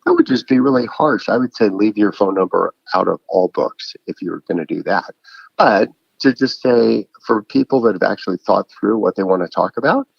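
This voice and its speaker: Middle-aged male guest, husky and gravelly, casual, animated storyteller; dull dry recording. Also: lowish voice, normal speed, no room sound. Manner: animated, acts out phone calls in a raised voice. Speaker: guest author.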